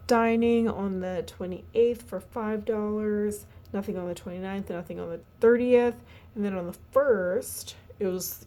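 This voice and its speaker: Tired woman, slow halting budget chat, lots of ums. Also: medium pitch, darkish tone. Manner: chatty, halting, many fillers and restarts. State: tired, yawning. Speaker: budgeting vlogger. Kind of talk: casual budget walkthrough.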